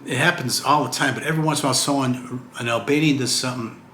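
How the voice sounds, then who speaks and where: A man's voice: medium pitch, fast talker, pushed and bright. A retired man in his sixties talking casually to camera in a rambling vlog, often checking in with "okay?". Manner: chatty, rambling, keeps asking "okay?". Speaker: retired vlogger. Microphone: camera mic. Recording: roomy echo, faint hiss.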